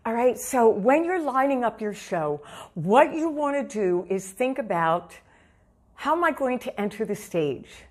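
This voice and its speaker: A seasoned woman vocal coach speaks straight to the viewer at a measured pace, her slightly high voice swinging widely in pitch. She gives emphatic stage-performance advice, repeating key points and calling the listener "honey."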